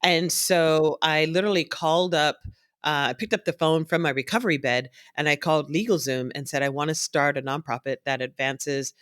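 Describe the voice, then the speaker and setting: An animated woman storyteller speaking as a guest in an interview, slipping into the voices of the people in her stories. The sound is close and dry, with no room around it. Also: low-pitched, moderate pace, dry recording. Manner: animated storyteller who acts out others' voices. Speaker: guest, nonprofit founder.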